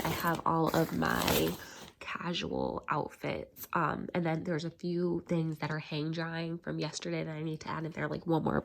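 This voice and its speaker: Chatty young woman, gravelly and low. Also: slight background noise. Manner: chatty, filler-heavy, speaks softly at times. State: congested, slightly nasal. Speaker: vlogger. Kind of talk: casual vlog chat. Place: at home, bedroom.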